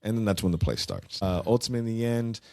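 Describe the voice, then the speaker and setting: A man co-hosting a podcast, casually recapping a musical's plot in an animated, slangy way. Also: fairly low pitch, fast, no echo, studio quality. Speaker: podcast co-host.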